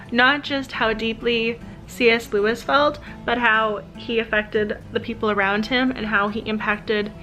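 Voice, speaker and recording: A woman's voice: fairly high pitch, pushed and bright, poor audio. A woman keeping a casual video diary at home, chatting and gushing about the books she is reading and checking in on the time. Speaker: book vlogger.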